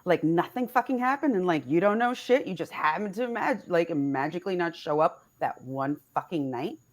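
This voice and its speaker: A woman's voice: fairly low pitch, animated, moderate pace. A woman playing a tabletop game in character, talking brash and confrontational and swearing freely. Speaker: player.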